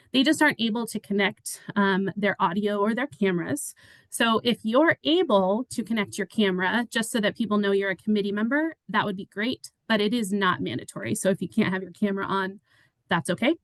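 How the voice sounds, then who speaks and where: A woman's voice: medium pitch, fairly quick, no echo, rough recording. A woman who works as an executive assistant, running an online public meeting in a friendly way with many fillers. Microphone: video call.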